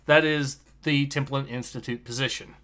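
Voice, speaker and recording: Bright-voiced man hosting a livestream chat. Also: medium pitch, normal speed. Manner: animated, laughing, reads chat comments aloud. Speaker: livestream host. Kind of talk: casual commentary chat.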